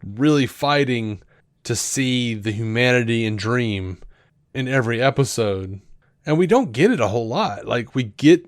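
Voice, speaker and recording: This male podcast co-host chats casually in a typical man's register, recorded dry and up close. His talk wanders with fillers and false starts, and he performs animated quotes when recounting what happened.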